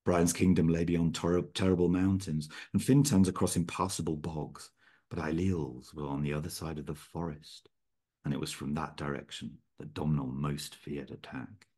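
Very deep, husky male storyteller. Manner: measured, steady storytelling. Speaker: author reading own work. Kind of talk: reading fiction aloud. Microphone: video call.

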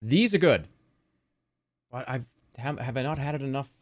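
A man streaming games live, chatting casually in a rambling, excitable way and often laughing at himself. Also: medium pitch, moderate pace.

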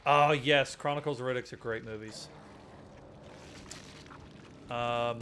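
A man's voice: mid-range voice, fairly even intonation, takes it slowly, pauses often, sharp tone, a little hiss or hum. A young man giving casual commentary while playing a horror game, joking, swearing often and yelping at jump scares. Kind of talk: casual let's-play commentary.

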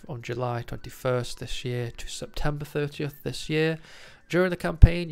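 A man with a stuffy, nasal voice from a cold chats through collecting news as the host of his own channel. His voice is gravelly and sits at an average pitch, and he fills the gaps with ums and uhs. Soft music plays quietly underneath. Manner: chatty, lots of ums and uhs. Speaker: trading card news host. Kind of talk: casual commentary to camera.

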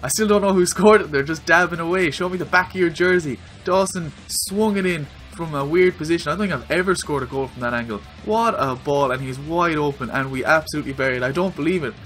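An Irish man giving his own excitable commentary while playing a football video game, yelling at the screen during big moments. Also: fairly high pitch, a little fast, hardly any pauses, soft background music. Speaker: gaming video creator.

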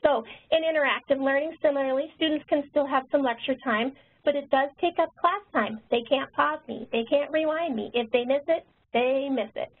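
A woman nurse educator and author who talks quickly, presenting a webinar. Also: high-pitched. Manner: fast-talking. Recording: tinny phone-line webinar audio.

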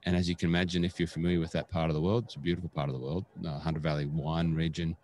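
A man's voice: low voice, level tone, very fast, a little mellow. An Australian man co-hosting a podcast, chatting casually and rambling with plenty of fillers. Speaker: podcast co-host.

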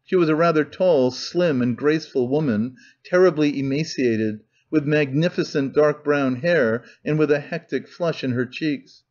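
A man reading a novel aloud as an audiobook narrator, in steady, measured storytelling. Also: a little high, dull audio. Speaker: audiobook reader. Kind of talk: scripted narration.

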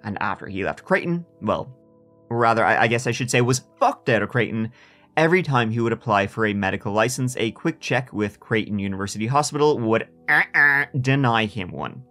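A man of middle pitch tells a true crime story on his podcast, loose and conversational. He drops scornful, profane jabs into the telling. Faint music plays quietly behind him. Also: lively intonation, a little fast. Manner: sardonic and profane, mocking asides. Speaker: podcast host.

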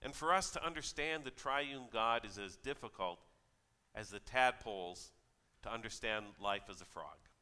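A man's voice: fairly low pitch, moderate pace, pushed and bright. A man preaching a sermon as pastor, conversational and telling stories with quoted voices. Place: church. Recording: church hall reverb.

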